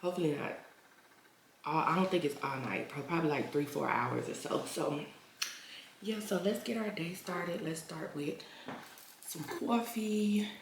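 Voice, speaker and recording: A woman's voice: fairly low pitch, unhurried, long pauses. A young woman, vlogging in a chatty, emphatic way and repeating her lines. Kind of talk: casual chatty vlog. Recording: echoey room with clear background noise.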